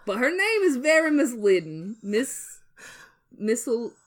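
A woman's voice: on the high side, sing-song, unhurried. A young woman hosting a podcast while drunk, giggly and rambling as she retells a story and trips over her words. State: drunk, slurring a little. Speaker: podcast host.

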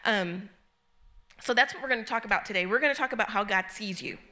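Bright-voiced woman giving an informal sermon. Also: medium pitch, quick pace. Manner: conversational and earnest, with frequent ums and restarts. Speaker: church speaker teaching a group. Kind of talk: informal sermon with personal story.

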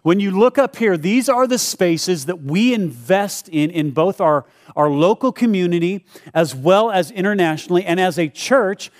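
Speaking to his congregation at a live service, a middle-aged pastor jokes casually about giving and performs short mock prayers. He has a high, expressive voice, keeps a moderate pace, and pauses only a little.

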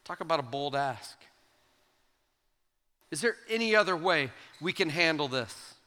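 A man preaching an animated sermon to a youth gathering, slightly higher in pitch than most men. His tone is bright and forceful, and he acts out the quoted voices with emphasis. It sounds recorded in a big reverberant hall, with faint guitar playing underneath. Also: unhurried. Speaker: youth pastor.

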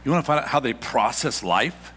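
A middle-aged man preaching a sermon as a pastor, animated and exclamatory, often stammering and repeating words as he presses his points. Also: mid-range voice, brisk, husky, in a large hall.

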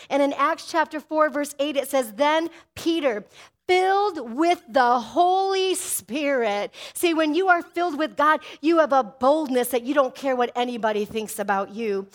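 A middle-aged woman preaches from the pulpit in a high, ringing voice. Her delivery is fervent and driving, punctuated by calls for an amen from the congregation. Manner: fervent preaching with call-and-response amens. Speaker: pastor. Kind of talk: sermon.

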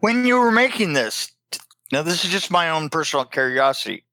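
A man co-hosting a casual podcast chat, teasing with mock outrage and breaking into loud laughs. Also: fairly high pitch, very animated, fairly quick, no echo.

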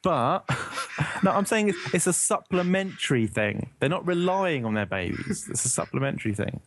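A man's voice: on the high side, big pitch swings, moderate pace. A man from the UK in casual podcast chat, rambling and searching for words, laughing often.

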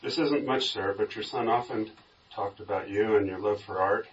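A man's voice: fairly low pitch, normal speed, natural voice. A man reading as an earnest young soldier. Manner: earnest, polite. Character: grateful young soldier, humble poor artist. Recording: distant dull room recording.

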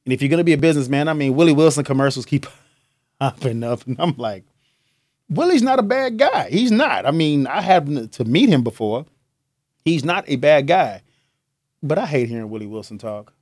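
A man's voice: mid-range voice, fairly quick, a little mellow, no room sound, clean studio sound. A young man hosting a podcast, talking in a loose, joking monologue and laughing often. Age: young adult. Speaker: podcast host. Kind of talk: casual monologue.

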